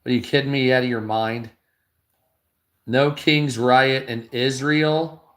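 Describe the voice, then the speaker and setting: A man's voice: medium pitch, fairly even intonation, unhurried. A tired man giving blunt, heavily profane reaction commentary while reading news headlines aloud. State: tired, low energy.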